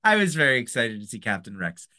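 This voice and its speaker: A man co-hosting a podcast, recapping an episode in excitable, rambling casual chat. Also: mid-range voice, quick pace. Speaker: podcast co-host.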